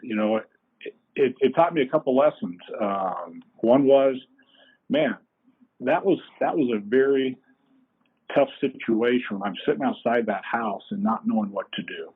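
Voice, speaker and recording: Husky middle-aged man telling folksy stories. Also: mid-range voice, normal speed. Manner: folksy, animated storyteller. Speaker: company co-founder, guest. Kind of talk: anecdotal storytelling in a podcast interview. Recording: tinny phone-like line.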